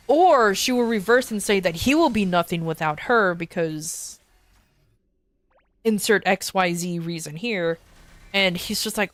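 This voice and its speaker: A woman's voice: medium pitch, a bit bright. Woman streamer, casual storyteller, rambling and stammering, cusses a lot. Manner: rambling, stammering, swears freely.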